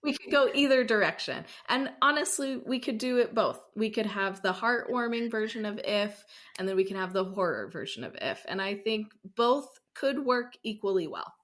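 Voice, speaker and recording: A woman's voice: mid-range voice, lively intonation, moderate pace, hardly any pauses, fairly bright tone. A woman from Arizona co-hosting a film podcast, chatting casually and with enthusiasm. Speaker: podcast co-host. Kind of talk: casual chat.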